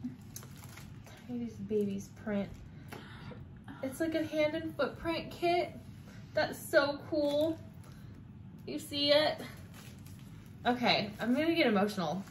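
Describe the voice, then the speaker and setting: A woman's voice: sits high, lively intonation, slow pace, long pauses, slight background noise. A young woman co-hosting a casual podcast chat, gushing and emotional as she talks. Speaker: podcast co-host. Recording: echoey room with faint ambience.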